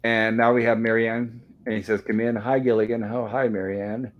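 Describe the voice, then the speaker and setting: The male host of an informal online show recounts an old sitcom episode conversationally, reading the characters' lines aloud. His medium-pitched voice shows little pitch movement and runs at a moderate pace. The high frequencies are cut off.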